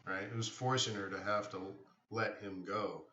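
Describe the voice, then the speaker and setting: A man's voice: fairly low pitch, steady tone, normal speed, bright, forceful tone, slight background noise. A man hosting a live trading stream, talking casually and rambling a bit as he answers viewers in the chat. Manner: rambling, answers chat questions, many restarts. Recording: roomy, distant, dull sound.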